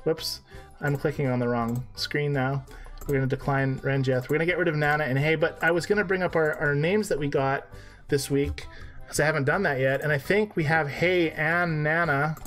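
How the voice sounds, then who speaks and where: A man's voice: a little high, fairly even intonation, moderate pace, a bit bright, soft background music. A man co-hosting a casual game live stream, joking and laughing at himself as he plays.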